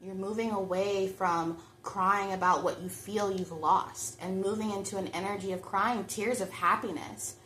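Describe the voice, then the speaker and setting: A woman's voice: mid-range voice, steady tone, moderate pace, few pauses, a bit bright, roomy sound, a little hiss or hum. A woman giving a chatty pick-a-card tarot reading, talking straight to her viewers. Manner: chatty, reflective, addresses viewers directly. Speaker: tarot reader.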